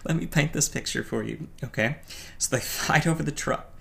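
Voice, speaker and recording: A man's voice: fairly high pitch, normal speed, creaky, fairly bright tone. A man giving a casual, wry film review, teasing himself and chuckling. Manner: wry, playfully self-mocking, with chuckles and stumbles. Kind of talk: casual movie review commentary.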